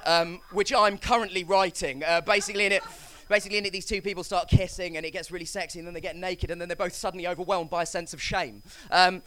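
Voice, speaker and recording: A man's voice: high-pitched, steady tone, quick pace, hardly any pauses, sharp tone. A man with a posh English accent doing a stand-up comedy routine, rambling and correcting himself. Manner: rambling, self-correcting, nervous-jokey asides.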